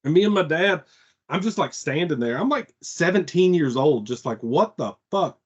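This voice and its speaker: A man's voice: on the high side, animated, moderate pace, slightly rough, dull audio. A man on a casual podcast telling a long story, rambling and profane, with lots of "like" fillers. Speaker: podcast co-host.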